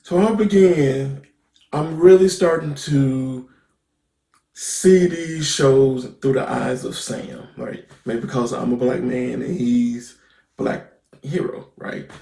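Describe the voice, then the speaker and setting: A man's voice: medium pitch, fairly even intonation, slow, vocal fry, dark tone, echoey room. A man giving a casual, slangy recap of a TV episode as a reviewer, full of "basically" and "right?". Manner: slangy, conversational, with many fillers like "basically" and "right?".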